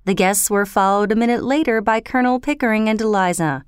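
Woman narrator, storybook reading, expressive, dry close sound. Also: mid-range voice, quick pace, clean tone, dry recording.

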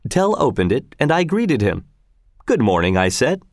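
A man's voice: mid-range voice, sing-song, moderate pace, no room sound, studio quality. A man reading aloud, voicing an earnest patriot who recounts his visit with some self-satisfaction. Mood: recounting. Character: earnest, indignant male patriot envoy.

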